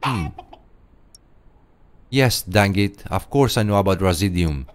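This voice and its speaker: A grumpy squash farmer. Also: male voice, low voice, expressive, a little slow. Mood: annoyed. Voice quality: blunt, impatient. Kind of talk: video game voice acting. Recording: game audio over loud music.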